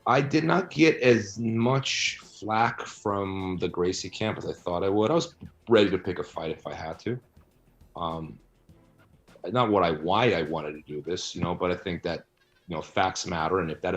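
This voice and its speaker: Deep-voiced blunt man, argumentative. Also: moderate pace, soft background music. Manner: blunt, argumentative, rhetorical asides; frequent "right?" and "you know" tags. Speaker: author interviewed about his book. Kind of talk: interview answers.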